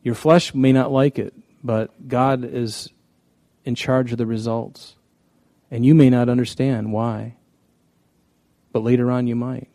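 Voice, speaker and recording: A man's voice: mid-range voice, little pitch movement, unhurried, warm tone, no room sound. A man preaching a conversational sermon, telling stories in a folksy way with frequent restarts. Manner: folksy, storytelling, many restarts. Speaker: pastor.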